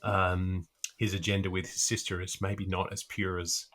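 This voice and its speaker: A man co-hosting a podcast, talking through a book in a thoughtful, halting way with plenty of pauses. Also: low-pitched, level tone, a bit bright. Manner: thoughtful, halting, many fillers. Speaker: podcast co-host. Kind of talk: casual literary discussion.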